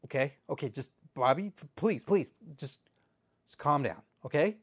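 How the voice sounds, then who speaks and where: A man hosting a comedy sketch interview, flustered and stammering as he tries to calm his guest. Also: a little high, moderate pace, slightly rough. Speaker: show host.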